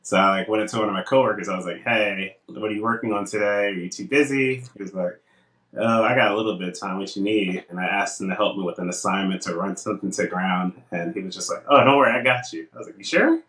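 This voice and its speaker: A young man co-hosting a casual podcast tells animated stories, acting out the things people said to him. He has a low voice and talks fast, though the audio is poor, distant, and echoey.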